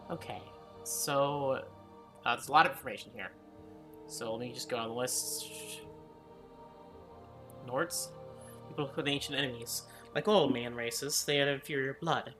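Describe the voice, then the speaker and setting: Gamer, casual gameplay commentary, chatty, giggly, bright voice, middle pitch. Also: unhurried, long pauses, soft background music. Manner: chatty, giggly, reads in-game text aloud. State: hiccuping. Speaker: let's-play gamer.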